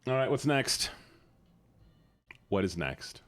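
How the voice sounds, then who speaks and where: A man's voice: medium pitch, very animated, slow, a bit bright, no room sound. A young man live-streaming, joking with his chat in a casual, profane way.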